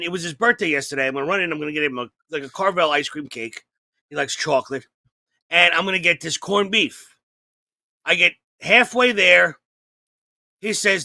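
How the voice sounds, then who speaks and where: A profane comedian man spinning a long, rambling yarn with a high, gravelly voice. His tone is bright and sharp, close and dry. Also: brisk, no echo. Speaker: podcast co-host. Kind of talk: comedic storytelling chat.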